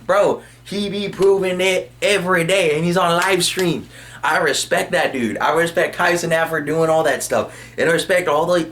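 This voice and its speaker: A young man ranting casually as a vlogger, rambling and excitable with lots of slang. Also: fairly high pitch, a little hiss or hum. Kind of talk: casual motivational rant.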